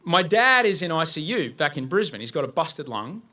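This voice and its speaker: A male guest speaker on stage tells an audience a vivid personal story, acting out his own panic. His voice leans high with big pitch swings, a sharp tone and a moderate pace.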